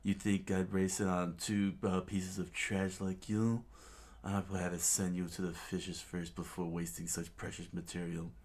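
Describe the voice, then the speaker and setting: A man voicing a ruthless, boastful male pirate captain who makes loud, domineering threats. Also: low-pitched, level tone, unhurried. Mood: scornful.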